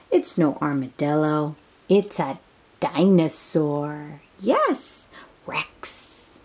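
A woman reading a children's picture book aloud, animated and asking her young listeners questions. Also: medium pitch, slow pace.

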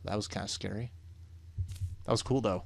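A man gives relaxed, reactive commentary while playing a spooky puzzle game, reading on-screen text aloud as he goes. His voice sits on the low side. Game music plays clearly underneath. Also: normal speed. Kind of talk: let's play commentary.

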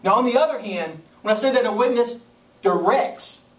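A male pastor from Kentucky preaching a sermon, dramatic, dropping to soft low tones and rising again. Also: lively intonation, moderate pace. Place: church sanctuary. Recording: echoey church room, distant mic, faint noise.

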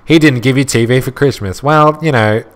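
A man's voice: medium pitch, normal speed, a bit bright, soft background music. A young man commenting on his own gameplay in a crude, sarcastic, profane way. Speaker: gaming commentator. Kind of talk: let's play commentary.

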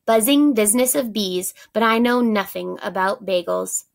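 A woman voicing a friendly woman beekeeper in a storybook, speaking in a warmly puzzled way. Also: mid-range voice, moderate pace, gravelly, lightly acted. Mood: apologetic.

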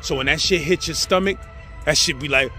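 Give me a New York man telling street stories in an animated, high voice. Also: a little fast, soft background music. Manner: animated, slangy, acts out the people in his story. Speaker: storyteller host. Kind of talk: casual prison storytelling.

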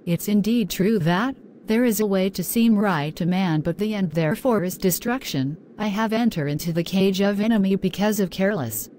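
A woman's voice: medium pitch, normal speed, hardly any pauses, dark tone, a little hiss or hum, natural voice. A woman voicing a naive, trusting young Christian woman in an amateur animation, talking earnestly and pleadingly. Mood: distraught.

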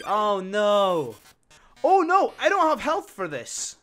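High-voiced excitable gamer man. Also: slow. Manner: excitable, exclamatory. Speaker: gaming YouTuber. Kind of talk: let's play commentary.

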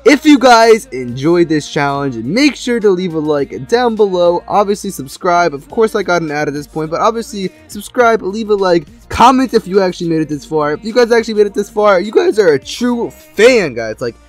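A young man talks through his game in a fairly high voice. He bursts into loud pleas and then drops to low mutters, always restless. A faint music bed runs under him. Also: normal speed, hardly any pauses. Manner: excitable, swings from loud outbursts to mumbling. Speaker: gaming YouTuber. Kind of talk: live gameplay commentary.

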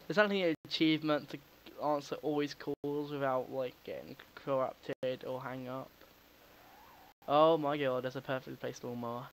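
A man's voice: mid-range voice, fairly even intonation, moderate pace, slight background noise, rough recording. A man giving casual, jokey commentary while playing a video game at home, talking back to the characters and swearing now and then. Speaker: gaming video host. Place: home recording setup.

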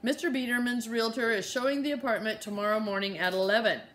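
A woman's voice: on the high side, fairly even intonation, fast, fairly bright tone, voice pushed up, close to an everyday voice. A woman reading as an exasperated, terse mother. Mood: weary. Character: frazzled, sharp-tongued mother on a phone call.

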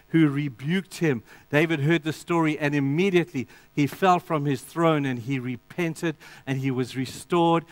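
A man preaching a sermon, addressing the congregation directly, swinging between emphatic declarations and quiet, intense asides. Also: medium pitch, dry recording. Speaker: pastor.

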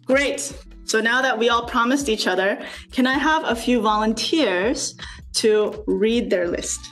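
Slow, coaxing high-voiced woman. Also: a bit bright, soft background music. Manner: slow, coaxing, asks many questions. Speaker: speaker leading a student workshop. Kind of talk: encouraging group facilitation over video call. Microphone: video call.

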